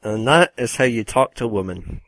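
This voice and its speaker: A man's voice: mid-range voice, animated, normal speed, a bit bright, no room sound. A man co-hosting a casual podcast chat, laughing often and making provocative jokes. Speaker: podcast co-host.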